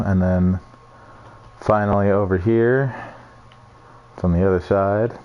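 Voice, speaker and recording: Young man, low and mellow, casual, foul-mouthed, self-deprecating gamer tour. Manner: rambling, swears freely, self-deprecating. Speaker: gamer showing off builds. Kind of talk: casual screen-recorded walkthrough.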